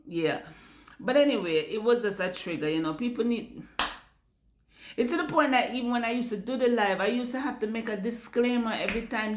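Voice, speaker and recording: A woman's voice: fairly high pitch, moderate pace, roomy sound, a little hiss or hum. A Jamaican woman speaking bluntly in a casual vlog rant, swearing freely and slipping into patois. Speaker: vlogger. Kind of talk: casual ranting monologue.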